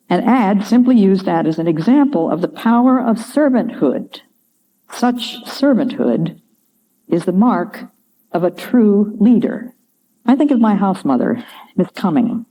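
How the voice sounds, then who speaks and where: An older woman giving a devotional talk, telling stories in a measured, earnest way. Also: on the low side, warm tone. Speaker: Christian speaker. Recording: dull lo-fi recording.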